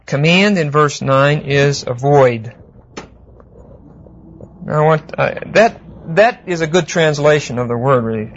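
A man's voice: medium pitch, creaky. Man teaching a Bible lecture. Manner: unhurried, explanatory, with frequent fillers and check-ins. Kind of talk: classroom Bible exegesis lecture. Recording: dull lo-fi lecture recording.

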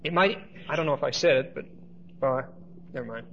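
A man's voice: medium pitch, fairly quick, highs cut off, a little hiss or hum. A man preaching a sermon as pastor, telling stories in a conversational way with asides to the congregation.

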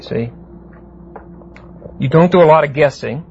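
A man teaching a verse-by-verse Bible class, explaining Greek words deliberately and often asking the class "see?". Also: a little high, a little mellow. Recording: muffled lo-fi classroom tape with faint hiss.

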